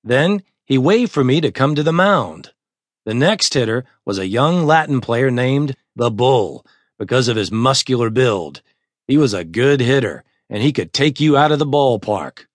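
A man narrating a first-person audiobook in a measured, deliberate way. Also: medium pitch, lively intonation, no room sound, studio quality.

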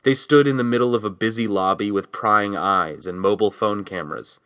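Man narrating a novel, bright dry voice. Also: on the low side, a little fast, smooth, no echo. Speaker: audiobook narrator. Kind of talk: scripted narration.

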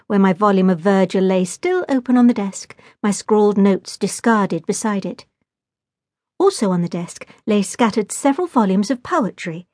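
A woman narrates a story in a clear, measured reading voice. Her pitch sits in the ordinary middle range for a woman. The studio sound is dry and close, with no room echo. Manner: lively, voices the dialogue. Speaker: audiobook narrator. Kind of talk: scripted narration. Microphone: close studio mic.

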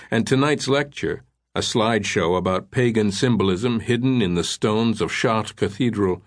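A man narrating an audiobook thriller in a measured, suspenseful way. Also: fairly low pitch.

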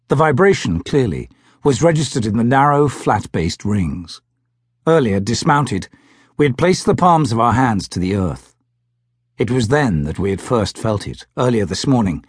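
A man narrating a first-person audiobook with a very lively pitch range and a husky, breathy tone. The read is measured and expressive, recorded close and dry. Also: no room sound.

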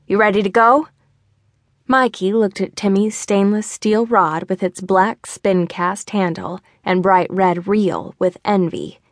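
Woman reading an audiobook, calm even storytelling, dead dry booth. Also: mid-range voice, takes it slowly, hardly any pauses, no room sound. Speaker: audiobook narrator. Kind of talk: scripted narration.

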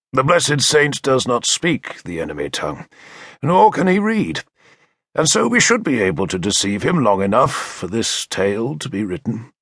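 A man narrating an audiobook in the first person, with measured, expressive storytelling into a close studio mic. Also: mid-range voice, no room sound.

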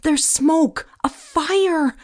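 A woman voicing a frightened, desperate teenage orphan girl who shouts urgent warnings. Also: high-pitched, very slow, pitched above the performer's own voice. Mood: panicked shouting.

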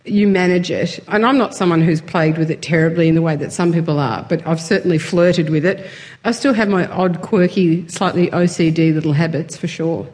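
A woman's voice: on the low side, fairly quick, a little mellow. A woman guest in a casual interview, chatty and self-deprecating, laughing often as she talks.

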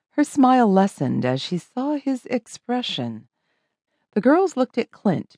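A woman reading a children's audiobook with expressive, lively storytelling. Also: medium pitch, dry recording. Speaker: audiobook narrator.

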